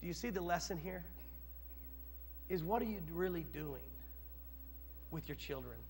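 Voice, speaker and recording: A man preaching a sermon, telling a story and moving from quiet narration to loud dramatic peaks. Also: a little high, animated, normal speed, faint music behind. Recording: long hall reverb.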